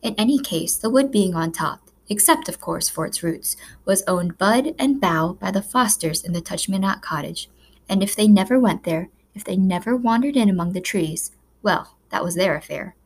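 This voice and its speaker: A woman reading a children's novel aloud as a narrator, with measured, expressive storytelling. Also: mid-range voice, husky. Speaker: audiobook narrator. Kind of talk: scripted narration.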